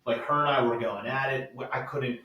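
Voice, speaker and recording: A man's voice: mid-range voice, steady tone, brisk, pushed and bright, distant mic, slight background noise. A man talking frankly in a casual podcast conversation, swearing freely and telling stories with energy. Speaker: podcast guest. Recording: echoey room, voice off the mic.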